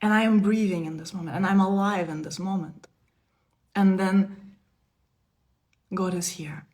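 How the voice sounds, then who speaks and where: A woman in her thirties talks to her viewers in a casual spiritual live stream. She sounds playful and laughs often. She swings between hushed asides and loud, emphatic bursts, and her voice sits in a middle pitch. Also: steady tone, normal speed. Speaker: spiritual teacher. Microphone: phone or webcam on a live stream.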